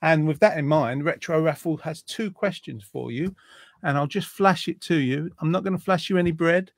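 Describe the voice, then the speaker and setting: A man's voice: on the high side, normal speed, vocal fry, no echo, studio quality. A man hosting a casual online quiz show, reading out viewer comments in a jokey, rambling way. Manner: jokey, rambling, lots of ums. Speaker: host.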